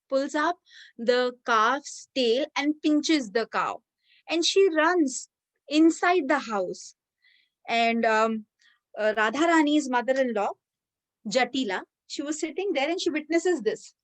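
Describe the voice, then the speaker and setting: A woman giving a devotional talk, telling a sacred story with lively, animated delivery. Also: high voice, unhurried, dry recording. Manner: animated storyteller, many fillers. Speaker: devotional speaker.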